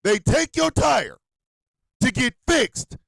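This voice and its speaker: Gravelly ranting man, dry close sound. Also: very high voice, very animated, slow, no echo. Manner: loud, heated, profane, swings between shouting and muttering. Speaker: host. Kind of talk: ranting commentary.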